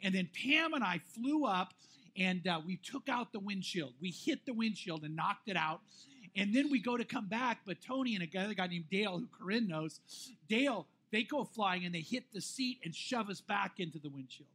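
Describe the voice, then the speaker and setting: A middle-aged man, a pastor, telling a personal story in a sermon with animated restarts and laughs. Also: high-pitched, normal speed, husky.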